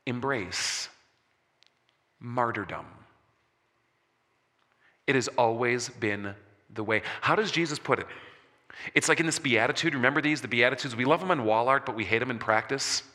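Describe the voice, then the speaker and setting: A man preaching a sermon as a pastor, slowing for emphasis and dropping soft on key words. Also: medium pitch. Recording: long reverb of a large hall.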